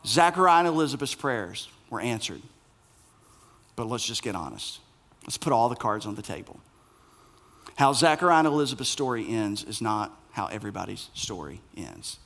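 A man preaching a sermon as pastor, animated and playful, acting out the voices in the story. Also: on the low side, moderate pace.

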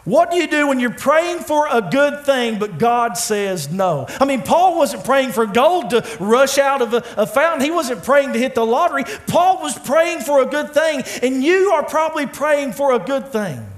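A man preaching a sermon in a church, with dramatic pauses, swinging from loud, pleading lines to hushed ones. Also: very high-pitched, lively intonation. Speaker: pastor. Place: church sanctuary.

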